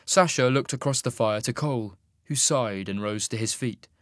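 A man narrating a fantasy audiobook with an expressive storytelling delivery. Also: medium pitch, normal speed, no room sound, clean studio sound.

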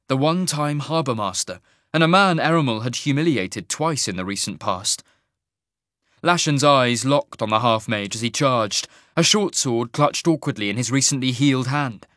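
This fantasy audiobook is read by a man with a mid-range voice who keeps his storytelling steady and even. The studio sound is clean, with no room sound at all.

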